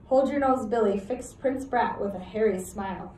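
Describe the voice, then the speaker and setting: A woman teacher reading a novel aloud to her class, steady and pausing to check in with listeners. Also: medium pitch, roomy sound, poor audio.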